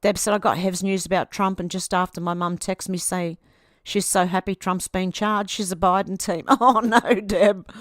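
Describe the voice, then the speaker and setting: A woman's voice: medium pitch, steady tone, moderate pace, dry recording, studio quality. An Australian woman in her fifties hosting a casual livestream, reading viewer comments aloud and chatting back to them. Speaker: livestream host.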